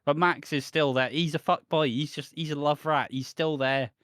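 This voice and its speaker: A man's voice: fairly high pitch, fairly even intonation, moderate pace, a bit bright, no echo. British male podcast host, casual and sweary, dry close mic. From United Kingdom. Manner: swearing, laughing recap of soap episodes.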